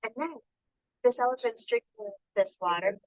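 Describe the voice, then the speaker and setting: A woman teacher reading a picture book aloud to young children in a classroom, asking them questions by name and slowing down to sound out the words. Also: on the high side, animated, dry recording, low-quality recording. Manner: coaxing, calls on children by name and asks questions.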